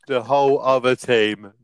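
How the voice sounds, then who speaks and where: A man's voice: medium pitch, smooth, no room sound. A young man casually telling a rambling anecdote as podcast co-host, laughing often. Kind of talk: casual storytelling.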